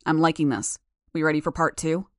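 A woman voicing a brooding young male villain who speaks in a gruff, growling way. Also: low voice, flat delivery, a little fast, no room sound, clean studio sound, close to an everyday voice. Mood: scheming.

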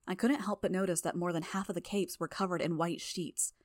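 Low-voiced woman narrating an audiobook. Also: steady tone, a little fast, no room sound, studio quality. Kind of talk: first-person fan audiobook narration.

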